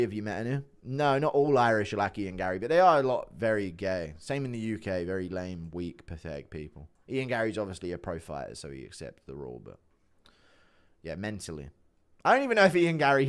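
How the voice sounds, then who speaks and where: A man's voice: lowish voice, animated, brisk. A man streaming live, reading and answering chat in a blunt, profane way and laughing often. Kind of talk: casual livestream chat.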